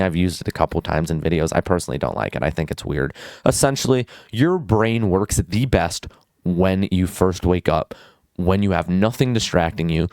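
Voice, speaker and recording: A man's voice: low voice, a little mellow, clear, resonant tone, no room sound. A young man giving casual self-improvement advice, blunt and crude, full of "like" and jumping between tangents. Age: young adult.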